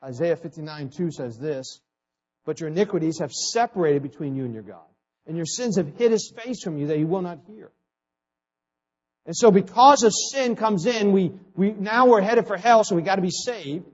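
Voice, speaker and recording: A high-pitched man delivers a sermon in a rapid, restless rush. He doubles up words as he goes and veers between loud emphasis and hushed asides. The recording sounds muffled and lo-fi. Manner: fast-talking, repeats words, swings between loud emphasis and quiet asides. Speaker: preacher. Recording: dull lo-fi recording.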